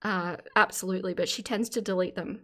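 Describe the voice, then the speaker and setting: A woman's voice: mid-range voice, steady tone, a little fast, fairly bright tone. A middle-aged Australian woman chatting casually on a live stream, reading out chat comments and laughing often.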